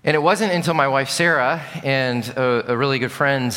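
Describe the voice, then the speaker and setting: A man's voice: medium pitch, moderate pace, bright, forceful tone. A middle-aged male pastor preaching a sermon with earnest, candid storytelling. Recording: long reverb of a large hall.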